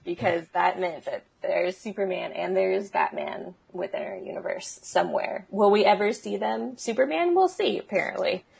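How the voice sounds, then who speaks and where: A woman's voice: mid-range voice, expressive, moderate pace, vocal fry, few pauses, a little mellow, breathy edge. A woman co-hosting a podcast, explaining in a casual, chatty way with frequent ums and small laughs. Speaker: podcast co-host. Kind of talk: casual chat.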